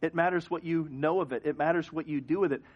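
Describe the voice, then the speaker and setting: A man preaching a sermon as pastor, telling a story with animated swings from hushed to loud. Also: on the high side, fast talker, husky, lo-fi sound. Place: church sanctuary.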